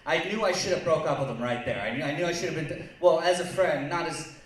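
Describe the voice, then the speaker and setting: A man's voice: fairly high pitch, fast. Crude rambling man doing stand-up. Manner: crude, rambling, self-mocking. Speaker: stand-up comic and co-host. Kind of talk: stand-up comedy set. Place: bar lounge stage. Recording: echoey bar room, faint noise, distant mic.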